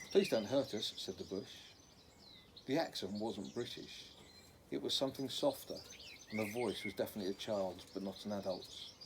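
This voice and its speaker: Low-voiced man reading a children's novel. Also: background noise. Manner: unpolished, with slips and corrections. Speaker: reader.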